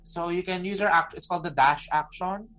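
A man running a tabletop game as game master, narrating in halting bursts with many restarts and fillers. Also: high-pitched, bright, forceful tone.

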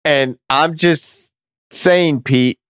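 A man's voice: a little high, extremely slow, a bit bright, smooth, no echo, studio quality. A man co-hosting a casual talk show, telling a story and laughing easily. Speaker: podcast co-host. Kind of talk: casual chat.

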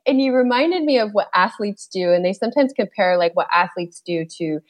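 A female podcast guest with a mid-range voice, chatting in a casual, animated way. She laughs easily as she shares ideas about health and healing. Her speech moves freely and conversationally. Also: medium pitch, fairly quick. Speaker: podcast guest, yoga instructor. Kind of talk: casual chat.

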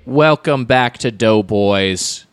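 A man's voice: mid-range voice, slow, loud music behind the voice. A man hosting a comedy food podcast, joking around and steering the chat. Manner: playful, jokey. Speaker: podcast host. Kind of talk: casual chat.

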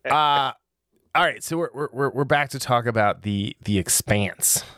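A man's voice: medium pitch, a little slow, sharp tone, no room sound, studio quality. A man hosting a podcast in casual chat, rambling and joking with frequent restarts. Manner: joking, rambling, self-interrupting. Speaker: podcast host.

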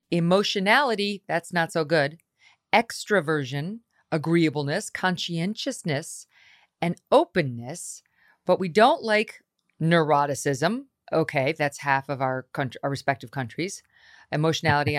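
Woman, middle-aged, podcast host, low-pitched, dry close sound. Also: dry recording. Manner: animated storytelling, acts out voices when quoting. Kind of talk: conversational interview.

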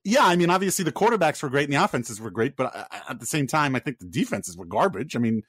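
A man co-hosting a podcast, an excited father chatting about football with lots of stumbling restarts. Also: mid-range voice, quick pace, slightly rough, no room sound, studio quality. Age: adult father. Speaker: podcast co-host. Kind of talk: excited casual sports chat.

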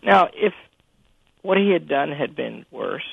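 Gravelly man on a tinny phone line. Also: on the high side, animated, dry recording. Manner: anecdotal, halting with frequent restarts. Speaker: college president. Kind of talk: telling a story in a phone interview. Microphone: telephone.

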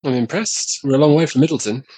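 A man's voice: mid-range voice, fast, mellow, breathy edge, lightly acted, low-quality recording. A man voicing a chatty, charming male adventurer who talks in a friendly way. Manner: talkative, friendly.

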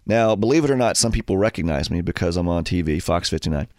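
A man's voice: low-pitched, quick pace, no room sound. Guy hosting radio, casual chatty storytelling, dry close mic sound. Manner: animated storyteller, acts out voices. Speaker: radio host. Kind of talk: casual sports radio chat. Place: radio studio.

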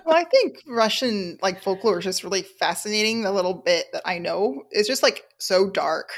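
Husky-voiced woman podcast co-host. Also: medium pitch, animated, moderate pace. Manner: teasing, agreeable, many short backchannels. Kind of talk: casual chat.

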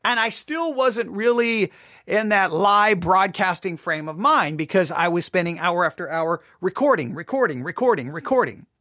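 High-voiced chatty man hosting. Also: lively intonation, normal speed, bright, forceful tone, no room sound, clean studio sound. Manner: chatty, self-deprecating storytelling with frequent "right?". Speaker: podcast host. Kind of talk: live podcast monologue. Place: home studio.

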